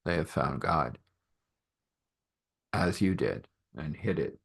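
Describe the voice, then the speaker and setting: Calm reassuring lady, as a man puts her on. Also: a bass voice, slow pace, vocal fry, husky, pitched below the performer's own voice, full character voice. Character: calm reassuring lady, woman, of great power.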